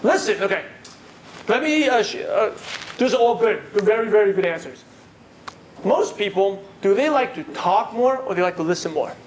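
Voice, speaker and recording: Male sales trainer, high voice, quizzes a live room, faint hum behind. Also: expressive, moderate pace. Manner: asks the audience questions and repeats their answers. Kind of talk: live workshop lecture. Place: meeting room with a live audience.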